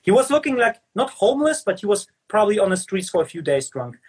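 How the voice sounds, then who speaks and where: A young man from Ukraine, a native speaker of Ukrainian, chats as a guest in a casual interview. His voice is husky and sits a little high for a man. He stops and searches for words, and laughs often. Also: big pitch swings, fast. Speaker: guest, inline skater. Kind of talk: casual video-call interview.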